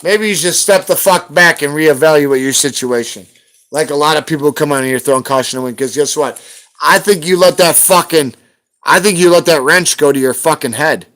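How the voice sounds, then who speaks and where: Fired-up streamer guy going off on someone, cussing nonstop, sharp pushy tone. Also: fairly high pitch, normal speed. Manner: heated, profane, confrontational. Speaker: livestreamer hunting for rare banknotes. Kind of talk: live stream rant.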